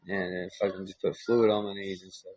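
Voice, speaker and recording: A man's voice: deep voice, level tone, fast, darkish tone. A middle-aged man with a Southern US accent, a podcast host in casual chat, laid-back and swearing a lot. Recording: dull, muffled dry recording.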